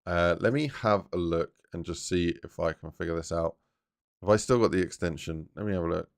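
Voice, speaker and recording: A man's voice: low-pitched, brisk, vocal fry. A man chatting casually on a live stream while he builds a game map, thinking aloud and talking to his chat in a rambling way.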